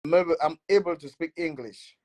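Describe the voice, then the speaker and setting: Man, Cameroonian Pidgin accent, scolding rant, blogger commentary, slightly high voice. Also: fairly quick. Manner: animated, scolding, switching between Pidgin and French. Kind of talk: ranting commentary.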